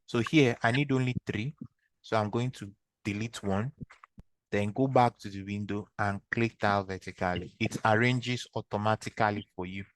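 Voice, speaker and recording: A Nigerian-accented man runs an online screen-share trading class, patiently taking students through each step and quizzing them with repeated questions. His voice sits lowish, with fairly even intonation, a moderate pace, and no room sound.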